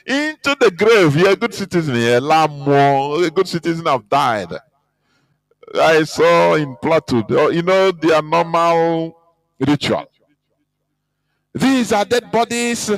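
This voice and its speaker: Impassioned man, fairly high. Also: no room sound, rough recording. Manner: emphatic, scornful, mocking with laughs. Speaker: radio broadcaster. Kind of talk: impassioned political talk.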